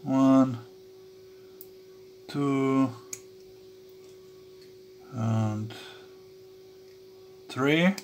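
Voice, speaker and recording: A man with a medium-pitched, slightly mellow voice chats his way through soldering at his workbench for an electronics hobby channel, with slight background noise. He's hesitant, full of fillers and false starts, and chuckles along.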